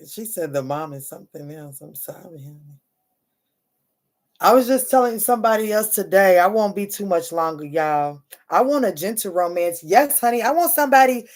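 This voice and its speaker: A woman with a fairly low voice hosts a tarot reading livestream in a loose, chatty style. Her speech is blunt, profane and emphatic, and she keeps calling her viewers "honey" and "baby". She sounds like a mother talking frankly to a crowd she knows. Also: expressive, normal speed. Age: adult mother. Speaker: tarot reader. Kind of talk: casual livestream chat with viewers.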